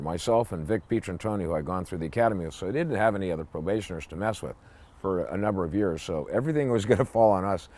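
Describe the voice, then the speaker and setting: An older man tells a rambling story from his police days in a lowish voice. He keeps it casual and blunt, with salty language, and he slips into gruff barking whenever he quotes someone. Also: a little mellow. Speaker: former police officer telling stories. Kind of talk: casual spoken anecdote.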